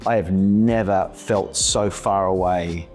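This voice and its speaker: A man in his forties, an actor guest, speaking slowly and earnestly in a reflective podcast conversation and repeating words as he searches for them. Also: low voice, fairly even intonation, darkish tone, faint music behind. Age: 40s.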